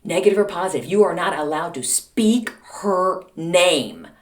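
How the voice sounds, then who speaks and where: A woman voicing her small, stern mother, who speaks firm threats slowly in a low voice. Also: sing-song. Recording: echoey room.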